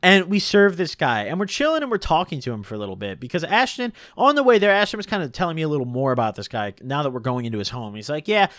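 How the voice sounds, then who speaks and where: A young man casually telling a long story, rambling and animated, full of "like" and "dude". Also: on the high side, fast talker, hardly any pauses, no room sound, clean studio sound.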